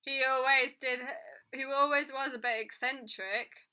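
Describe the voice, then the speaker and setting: A flustered café owner, put on by a woman reader rushes his words in a bright, forceful voice, fretting about impatient customers. The storybook voice sits a touch high and pushes slightly louder than plain narration. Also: steady tone, clear, resonant tone. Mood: nervous hurried. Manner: hurried, nervous, apologetic.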